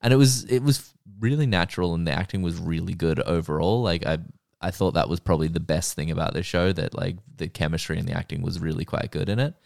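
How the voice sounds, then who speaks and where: A man co-hosting a casual chat about a show, animated and quick to act out characters' lines. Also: low-pitched, gravelly, no echo, clean studio sound. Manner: animated, acts out characters' lines with put-on voices. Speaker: podcast co-host.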